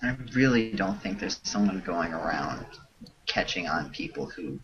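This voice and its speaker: A relaxed man who muses aloud while chatting on a livestream. He speaks slowly with a lively, wide-ranging voice, heard through dull, lo-fi call audio. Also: deep voice. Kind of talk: casual chat.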